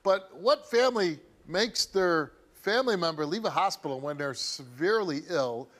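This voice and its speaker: A man's voice: high-pitched, lively intonation, moderate pace, a bit bright. A man hosting a TV talk show, questioning a guest in a probing, conversational way with many fillers.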